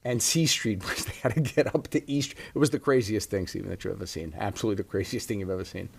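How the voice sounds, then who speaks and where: Man, stand-up comic, low-pitched, relaxed storyteller. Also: fast, gravelly, slightly rough. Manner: laid-back storytelling with chuckles. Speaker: stand-up comedian guest. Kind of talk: casual interview chat.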